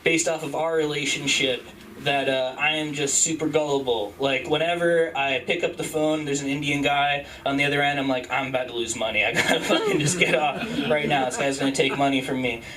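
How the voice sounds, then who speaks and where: A young man from Utah doing rambling, self-deprecating stand-up at an open mic, jumping into high squeaky voices for the people he quotes. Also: steady tone, brisk, fairly bright tone, distant mic, low-quality recording. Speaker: stand-up comedian. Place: comedy club stage.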